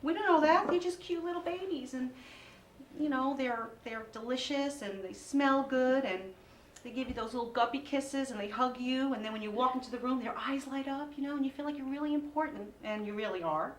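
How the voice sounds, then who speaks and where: A woman in her forties doing a stand-up comedy set, with lively delivery and sing-song voices for her kids. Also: sits high, a little fast, slight background noise. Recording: echoey room, mic at a distance.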